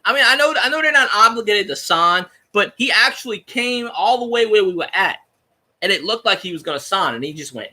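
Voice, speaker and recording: A man talks through a casual sports podcast, rambling and cursing like an excited fan. His voice sits high and swoops widely, with a very bright, sharp edge. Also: brisk. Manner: rambling, profane, animated fan talk. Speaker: podcast host.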